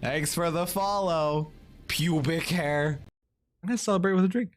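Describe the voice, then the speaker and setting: A man streaming video games live, commenting excitably, swearing often and laughing a lot. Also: on the high side, moderate pace. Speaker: game streamer.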